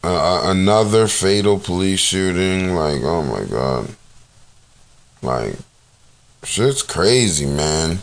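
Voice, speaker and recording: A man's voice: deep voice, expressive, slow pace, creaky, pauses often. A man talking casually into the camera in a loose, rambling monologue, swearing often and dropping fillers like "you know what I'm saying.". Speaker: vlogger commenting on news and videos.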